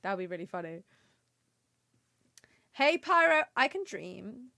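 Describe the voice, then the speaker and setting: A woman's voice: mid-range voice, sing-song, a little slow, gravelly, bright, forceful tone, no room sound. A young British woman chatting playfully through a game livestream, often giggling. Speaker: streamer. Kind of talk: casual game livestream chat.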